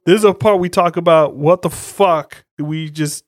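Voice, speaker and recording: A man with a slightly high voice retells movie scenes in a loose, profane, animated way. The sound is dry and close. He keeps the talk casual, like a podcast co-host. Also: moderate pace, no echo. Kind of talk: casual chat.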